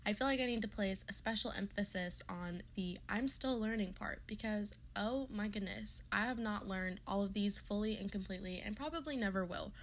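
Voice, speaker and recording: A woman's voice: medium pitch, fairly quick, hardly any pauses, fairly bright tone. A woman in her early twenties hosting her own podcast, talking in an earnest, chatty way with plenty of fillers. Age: 20s. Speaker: podcast host. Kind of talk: casual podcast monologue.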